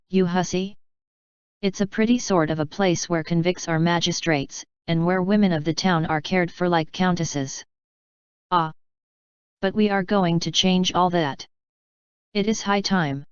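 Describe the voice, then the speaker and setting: A harsh, mocking police inspector, a man who sneers at the people he seizes, voiced lightly by a woman narrating a storybook. The voice sits low and very clean, close and dry against the mic, with a slightly dull, lo-fi tone. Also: a little slow, smooth, dry recording, lightly acted. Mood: scornful. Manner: harsh and scornful.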